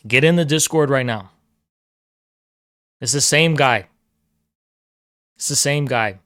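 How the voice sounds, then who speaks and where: This livestream host speaks slowly at medium pitch with a somewhat bright tone, heatedly ranting at his chat in a profane, aggressive, repetitive, lecturing way. The audio is studio quality with no room sound.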